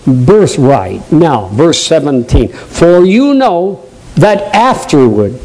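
A man with a New England accent preaching a sermon, stressing points loudly, dropping into low asides and putting questions straight to the congregation. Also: sing-song, takes it slowly, poor audio. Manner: emphatic preaching, swinging between loud high stresses and low quiet asides; draws the congregation in with direct questions.

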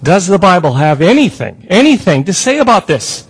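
A man's voice: sits high, sing-song, normal speed, breathy edge, low-quality recording. A man preaching a sermon as pastor, with a prayer and emphatic questions to the congregation.

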